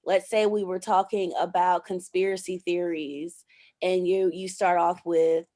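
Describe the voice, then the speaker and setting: A woman's voice: on the low side, level tone, measured pace, dark tone. A woman coaching a student on podcast intros, explaining patiently and acting out playful sample openings. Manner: encouraging, explains with playful acted examples. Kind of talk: coaching, giving example intros.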